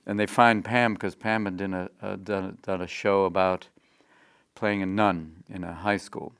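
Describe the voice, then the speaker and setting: Man, gravelly and deep, dry close sound, animated storyteller, interview guest. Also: dry recording. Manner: animated, slips into quick character voices mid-story.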